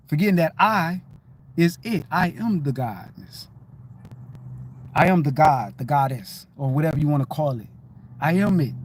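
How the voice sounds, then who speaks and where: A man on a livestream talking in a casual spiritual monologue, profane and animated, often checking that listeners follow. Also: on the high side, a little hiss or hum. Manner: animated, profane, keeps asking "you know what I'm saying".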